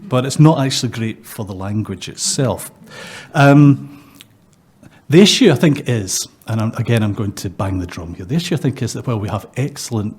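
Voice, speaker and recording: Husky man making his case. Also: fairly low pitch, lively intonation, brisk, darkish tone. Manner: emphatic, opinionated, with hesitant fillers. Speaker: linguistics professor on a panel. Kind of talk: panel discussion remarks.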